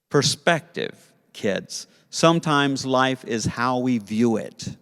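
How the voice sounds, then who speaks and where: A man teaching Sunday school to kids, telling a story in a playful, animated way. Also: medium pitch, slow pace, gravelly, clear, resonant tone, big-room sound. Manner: playful, animated storytelling with put-on character voices.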